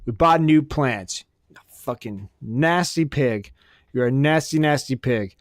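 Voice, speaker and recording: A man's voice: mid-range voice, animated, slow, no echo, clean studio sound. A man hosting a podcast, ranting crudely and sarcastically and swearing constantly. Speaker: podcast host. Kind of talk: profane comedic rant.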